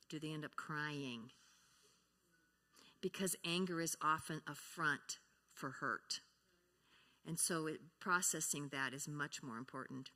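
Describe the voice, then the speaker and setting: An older woman teaches earnestly during a sermon at a church service, acting out short sample conversations. Her fairly low voice is bright and forceful, trailing off into a long reverb tail.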